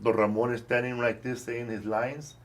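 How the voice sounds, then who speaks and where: A man's voice: medium pitch, flat delivery, moderate pace. A man hosting a casual podcast with a mid-range voice. He tells stories in a loose, profane, easygoing way and laughs often. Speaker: podcast host. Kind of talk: casual chat.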